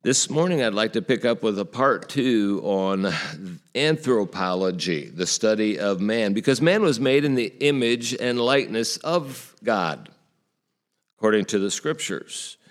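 Male pastor with a low voice, earnest sermon delivery, poses rhetorical questions to the congregation. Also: lively intonation, unhurried.

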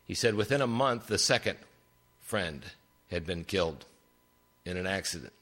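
An older man preaching a sermon, telling stories with big swings in pitch for emphasis. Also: animated, normal speed, fairly bright tone.

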